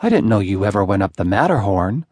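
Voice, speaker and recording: A man's voice: fairly low pitch, sing-song, fast, darkish tone, slightly rough, no room sound, studio quality. A man voicing a polite young wife in an audiobook story, asking mild, probing questions.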